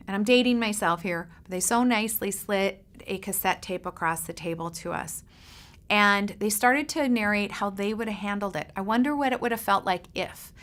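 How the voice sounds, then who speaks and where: A middle-aged woman, a parent coach, telling a lively personal story to parents and acting out the voices in it. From Seattle area, United States. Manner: animated storyteller, acts out quoted voices with big pitch jumps.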